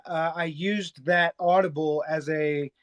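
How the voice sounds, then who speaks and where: A man from Memphis hosting a live stream, chatting casually and excitedly, swearing and laughing often. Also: fairly high pitch, slow, no echo. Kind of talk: casual chat.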